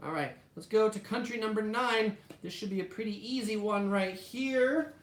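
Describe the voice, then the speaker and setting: A woman's voice: mid-range voice, normal speed, roomy sound. A woman hosting a casual live stream about food, chatty and full of "like" fillers. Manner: chatty, heavy use of "like" fillers. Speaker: travel channel host.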